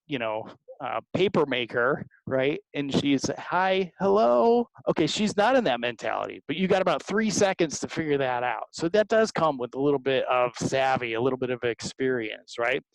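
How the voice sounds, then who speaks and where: A man talking as a sales guest, animated, often tagging his points with "right?" and acting out callers' lines. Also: medium pitch, normal speed, no room sound, poor audio. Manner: animated, tag questions, acts out callers. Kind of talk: energetic interview talk.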